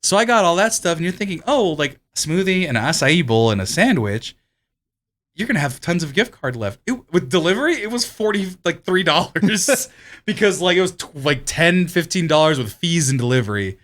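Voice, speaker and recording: A man co-hosting a casual podcast, his voice sitting a little high and swinging widely as he talks. He rambles through stories, swears freely and breaks into laughter often. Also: big pitch swings, normal speed, fairly bright tone. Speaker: podcast co-host. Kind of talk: casual chat.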